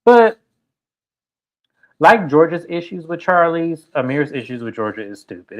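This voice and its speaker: A man hosting a casual reality TV recap, retelling scenes with lively acted-out quotes. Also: mid-range voice. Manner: animated storytelling, acting out quotes.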